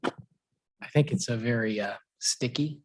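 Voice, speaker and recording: A man speaking as a commission member, soft-spoken and halting. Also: medium pitch. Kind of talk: meeting discussion.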